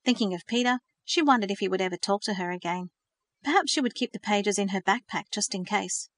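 A woman narrating a novel in an expressive storytelling manner. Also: mid-range voice, brisk, dry recording, studio quality. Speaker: audiobook narrator. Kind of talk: scripted narration.

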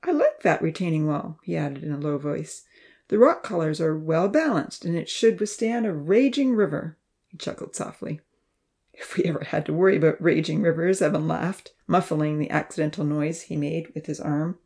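A woman narrating a children's story aloud, softly voicing the characters and dropping to near-whispers for hushed asides. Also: low-pitched, moderate pace, vocal fry. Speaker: audiobook narrator. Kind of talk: scripted narration with character dialogue.

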